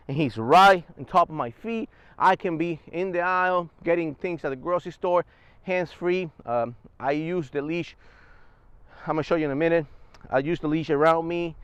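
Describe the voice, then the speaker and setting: A man's voice: on the high side, clear, resonant tone, no room sound, highs cut off. A man casually explaining service dog training step by step in a vlog, recorded on a clip-on wireless mic.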